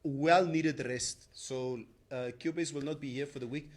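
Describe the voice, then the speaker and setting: A man's voice: mid-range voice, fairly even intonation, moderate pace, slight background noise. A man co-hosting morning radio, playful and laughing as he chats. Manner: playful, laughing, code-switching. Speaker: radio show co-host. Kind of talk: casual morning radio banter. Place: radio studio.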